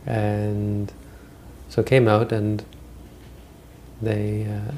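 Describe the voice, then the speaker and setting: Gravelly low-voiced man giving a dharma talk. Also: completely flat delivery, very slow, warm tone, a little hiss or hum. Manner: rambling, conversational, frequent restarts. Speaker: Buddhist teacher. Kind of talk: dharma talk, retelling stories.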